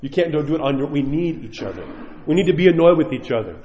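Earnest priest preaching in an echoey church. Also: male voice, on the high side, sing-song, fast. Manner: earnest, pleading, swings between loud emphasis and soft asides. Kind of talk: sermon. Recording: echoey church hall, dull sound.

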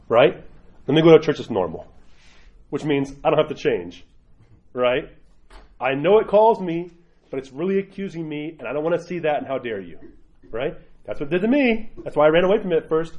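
A man with a slightly high, husky voice talks through church teaching casually, tossing in "right?" again and again. The recording is a bit dull and lo-fi. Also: expressive, a little fast, darkish tone. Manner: conversational, repeats "right?" often. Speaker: Orthodox priest. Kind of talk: informal teaching talk.

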